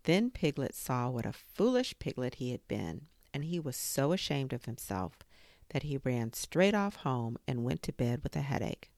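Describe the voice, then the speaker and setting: Woman storyteller, children's story read-aloud, low gravelly voice, expressive, dry close sound. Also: moderate pace, no room sound. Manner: expressive, dramatic pacing.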